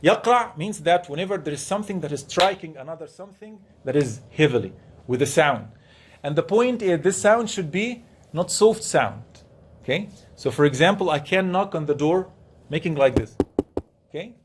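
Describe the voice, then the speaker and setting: Man, professor in a classroom, asks the class questions, somewhat high voice. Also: lively intonation, moderate pace, noisy background. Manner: explains with questions to the class, repeats key words. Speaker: professor teaching Quran commentary. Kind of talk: classroom lecture. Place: classroom with students.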